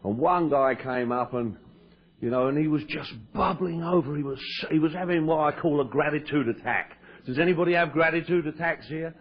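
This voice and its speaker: A man's voice: a little high, a little fast. An Englishman giving a joking, self-deprecating talk to a recovery meeting, often stammering and restarting. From England. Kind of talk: humorous personal talk to an audience. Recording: lo-fi 1990s cassette tape.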